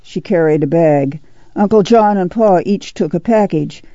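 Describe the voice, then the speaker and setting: Male narrator, gravelly and warm, dry lo-fi studio. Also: sits high, moderate pace, no room sound. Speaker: audiobook narrator. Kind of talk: scripted narration.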